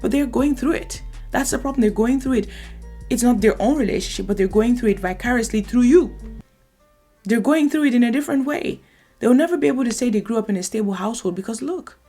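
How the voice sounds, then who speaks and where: Woman, gravelly voice, emphatic opinionated reaction commentary, faint music behind. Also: a little high, quick pace. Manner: emphatic, opinionated, lively asides. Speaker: reaction video host.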